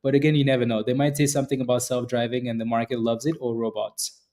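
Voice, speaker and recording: A man's voice: mid-range voice, flat delivery, fast, dark tone. A man hosting a live stock trading stream, chatting loosely and answering viewers by name, often restarting his sentences. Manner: rambling with many restarts. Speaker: stock trading livestream host. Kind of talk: live-stream market commentary.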